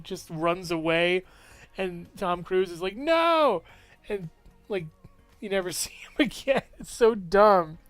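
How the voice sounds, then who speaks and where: A man's voice: high voice, no echo. A man giving a casual, rambling movie review with lots of enthusiasm and frequent laughs.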